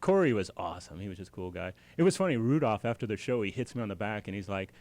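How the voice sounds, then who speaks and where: A man's voice: fairly low pitch, expressive, quick pace, darkish tone, no echo. A man talking as a guest on a casual talk show, laid-back and giggly while remembering his work. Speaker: guest photographer. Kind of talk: casual interview chat.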